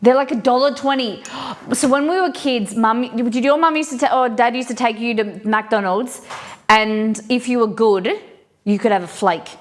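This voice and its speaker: A woman's voice: on the high side, moderate pace. A woman hosting a live cooking stream, chatting and rambling through stories with lots of fillers as she cooks. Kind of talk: casual chat while cooking. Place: home kitchen.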